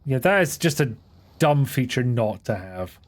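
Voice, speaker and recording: A man's voice: mid-range voice, big pitch swings, measured pace. Guy streaming a game, chatty and jokey, swears a bit. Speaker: streamer host. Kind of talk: casual chat while gaming. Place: home streaming setup.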